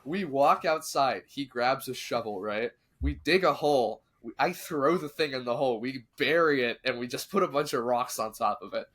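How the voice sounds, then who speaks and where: With hardly any pauses, a man with a mid-range voice narrates a spooky tale on his podcast at a moderate pace. His casual delivery is animated, and he voices the lines of the people involved.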